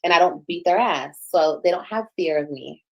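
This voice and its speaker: A woman's voice: fairly low pitch, normal speed, muffled recording. A woman in her thirties talking on a livestream, defensive and explaining herself, with the odd cuss word. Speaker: livestreamer being reacted to. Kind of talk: casual livestream talk.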